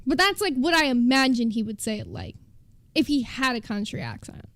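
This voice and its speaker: A woman's voice: on the high side, wildly swooping pitch, brisk, fairly bright tone, dry recording. A woman livestreamer chatting casually with her viewers, joking and reading definitions aloud. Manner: chatty, joking, reads terms aloud to chat. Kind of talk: casual stream chat.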